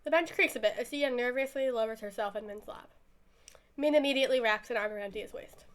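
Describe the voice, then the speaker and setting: A woman's voice: on the high side, fast talker. A woman streamer reading a visual novel aloud in a playful way, with a tired voice.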